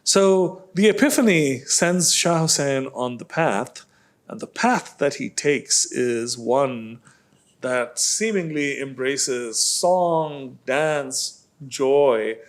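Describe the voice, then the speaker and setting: Guy author explaining slowly at a book panel, lots of uh and you know. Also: mid-range voice, animated. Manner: measured, explanatory, many fillers. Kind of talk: literary panel discussion.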